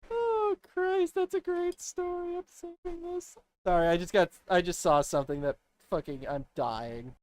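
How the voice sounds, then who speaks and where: A woman's voice: mid-range voice, a little mellow, dry recording. A woman streaming a game, casual and loose, making crude jokes. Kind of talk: casual game let's play.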